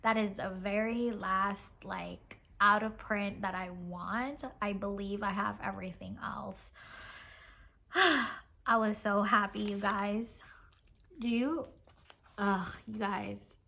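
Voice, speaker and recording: A woman vlogger chatting casually as she shows off craft kits, gushing and excitable, with lots of fillers and sighs. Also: mid-range voice, slow pace, vocal fry. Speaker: cross-stitch vlogger. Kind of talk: casual show-and-tell chat.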